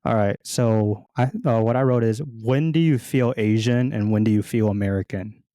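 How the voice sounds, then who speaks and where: A woman co-hosting a podcast, calmly reading out questions in casual chat. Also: extremely low pitch, normal speed, no echo, studio quality. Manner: calm, reads questions aloud. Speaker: podcast co-host.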